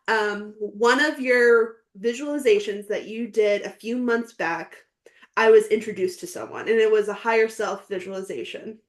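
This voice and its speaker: A woman guest on a coaching podcast, speaking earnestly and emotionally, with frequent "like" fillers. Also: on the high side. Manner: earnest and heartfelt, many fillers like "like". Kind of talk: emotional casual interview chat.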